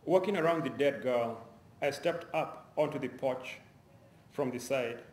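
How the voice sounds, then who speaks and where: A man reading aloud from his own novel at a university event, in a measured way with small restarts. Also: mid-range voice, darkish tone. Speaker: author reading his fiction. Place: university lecture hall. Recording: roomy lecture hall, faint ambience.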